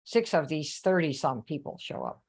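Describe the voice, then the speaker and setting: A woman hosting a live coaching session, telling a story in a chatty, animated way and turning to viewers with questions. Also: low voice, moderate pace, slightly rough. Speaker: host. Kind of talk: live online coaching talk.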